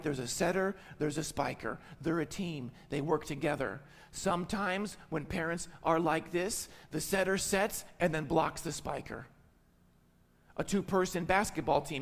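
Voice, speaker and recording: Male pastor, sermon delivery, high and gravelly, emphatic repetition, reverberant church hall. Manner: emphatic, repeats key phrases, tags lines with "right?". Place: church sanctuary.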